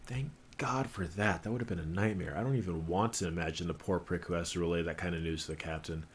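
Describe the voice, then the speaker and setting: A man's voice: low voice, quick pace, a little hiss or hum, voice pushed down. A man voicing a dry, impatient detective partner who swears and is fed up. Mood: exasperated.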